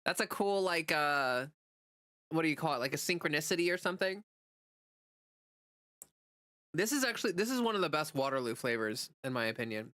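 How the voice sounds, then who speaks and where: A woman's voice: low voice, lively intonation, fast talker, a bit bright, no room sound, clean studio sound. A woman streamer in casual live chat, answering chat messages in a chatty way with lots of "like" fillers.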